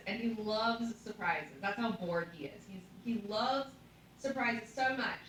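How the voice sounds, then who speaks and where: A woman giving an animated comic breakdown of a story, swearing and laughing as she goes. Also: mid-range voice, a little slow, very echoey, recorded from a distance, slight background noise, rough recording. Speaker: commentator.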